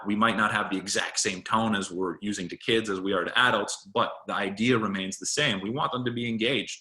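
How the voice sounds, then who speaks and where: A man with a bright, forceful voice that sits a little low, giving a casual talk on presentation skills. He speaks conversationally and often circles back to restart a phrase. His tone is that of a friendly coach sharing tips. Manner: conversational, with frequent restarts and fillers.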